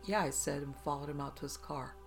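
A gravelly, fry-edged narrator in the middle of the pitch range, reading first-person tales aloud at a steady pace. The delivery stays even from line to line. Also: brisk, faint music behind. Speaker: storyteller.

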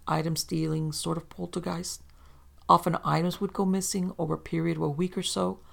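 Gravelly, even-paced story narrator. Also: mid-range voice. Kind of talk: scripted narration of first-person paranormal accounts.

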